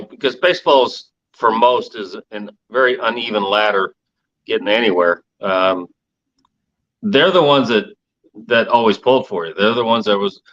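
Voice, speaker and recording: A man's voice: lowish voice, a bit bright, lo-fi sound. A man speaking earnestly in casual chat, repeating words as he searches for them.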